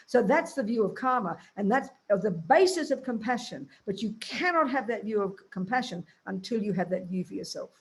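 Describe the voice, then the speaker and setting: A woman's voice: mid-range voice, expressive, a little fast, hardly any pauses. A woman Buddhist nun giving a teaching talk in a blunt, emphatic, colloquial way.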